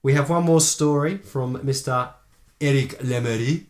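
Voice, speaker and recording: A man's voice: mid-range voice, normal speed, a little hiss or hum. A man co-hosting a casual tabletop gaming podcast, joking and rambling. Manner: jokey, rambling, chuckling. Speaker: podcast co-host. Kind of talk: casual banter.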